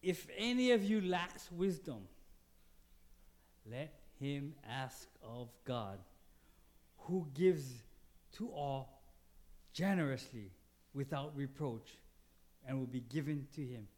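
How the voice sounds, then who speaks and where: Speaking slowly and pausing often, a pastor with a slightly mellow voice gives an animated, conversational sermon. He asks the congregation questions and dramatizes little quoted exchanges, his voice leaping in pitch.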